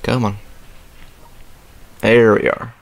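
A man's voice: fairly low pitch, level tone, slow. Young man chatting over gameplay. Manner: rambling, filler-heavy, frequent throat clearing. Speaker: let's play host. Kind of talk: casual gameplay commentary. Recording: faint game music behind.

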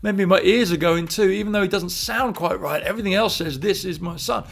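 Guy doing a loud old southern dad, squinty and suspicious, voice climbing up high. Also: brisk, gravelly. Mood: puzzled. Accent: Southern American. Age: older. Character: frail old father, nearly blind, doubting.

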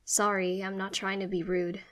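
A woman's voice: mid-range voice, level tone, normal speed, lightly acted. A woman voicing an anxious, self-conscious young person speaking hesitantly in a read-aloud story. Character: anxious young person, boy turned girl.

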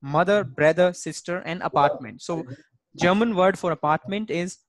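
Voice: mid-range voice, normal speed, no echo. A German language teacher gives an online class over a video call. The teacher drills each word's pronunciation patiently and repeats it.

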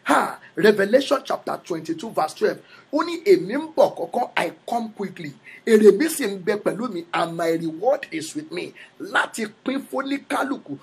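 A man's voice: high voice, gravelly, breathy edge. A man with a Yoruba accent preaching a sermon as a prophet, repeating phrases for emphasis.

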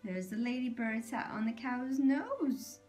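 A woman reading a picture book aloud to children, animated, doing animal noises and pointing out the pictures. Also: fairly high pitch, unhurried, soft background music. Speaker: storyteller.

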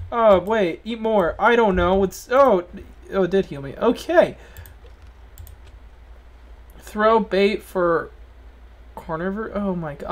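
A gamer giving let's play commentary, jumpy and swearing often, sometimes yelling at game characters and reading game text aloud. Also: medium pitch, takes it slowly, long pauses. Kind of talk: gaming commentary.

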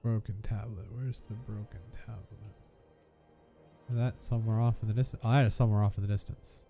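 Mellow-voiced man narrating his gameplay. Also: on the low side, steady tone, fairly quick, soft background music. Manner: playful, chuckling, self-narrating. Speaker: gamer, video host. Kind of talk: casual gameplay commentary.

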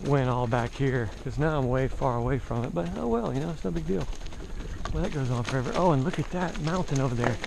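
This travel vlogger from the American South bikes outdoors while chatting to the camera, meandering and self-mocking in a mild Southern accent. He talks fairly quickly in an animated, gravelly medium-pitched voice, with background noise present.

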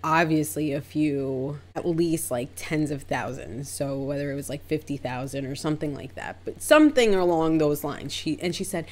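A young adult woman, a hairstylist, telling a story in a casual, chatty way, acting out both sides with big jumps in pitch. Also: normal speed, few pauses. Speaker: hairstylist and vlogger.

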